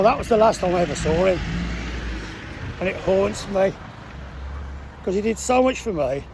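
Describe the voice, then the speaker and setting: A middle-aged man tells a personal story in a halting, emotional way, often stopping to restart his sentences. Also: high voice, a little mellow, slight background noise. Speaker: former military trainee telling his story.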